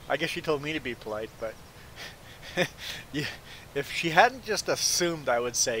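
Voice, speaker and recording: A man's voice: mid-range voice, brisk, slight background noise, low-quality recording. A man from Belize, a game streamer, telling a story in casual chat and stammering on his repeated "I"s. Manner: animated, stammers on repeated "I"s, acts out the people he quotes. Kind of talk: casual storytelling while livestreaming a farming game.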